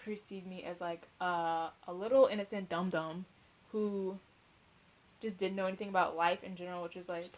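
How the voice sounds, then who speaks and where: A woman's voice: fairly low pitch, fairly even intonation, normal speed, poor audio. A young woman co-hosting a podcast in casual chat, blunt and rambling, swearing often and filling with "like". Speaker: podcast co-host.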